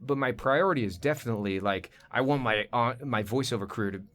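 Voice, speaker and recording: An animated male voice actor chatting as a guest, mid-pitched and conversational. He tells stories eagerly and drops into little voices and impressions. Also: fast talker. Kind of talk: casual interview chat.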